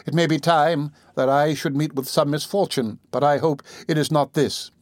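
A man voicing an anxious elderly aunt who speaks slowly, gently and with a tremble. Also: fairly high pitch, fairly even intonation, no echo, close to an everyday voice.

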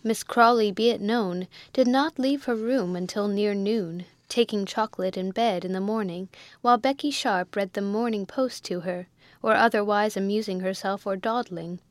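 A woman's voice: medium pitch, normal speed, no room sound. Woman narrating a classic novel. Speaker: audiobook narrator.

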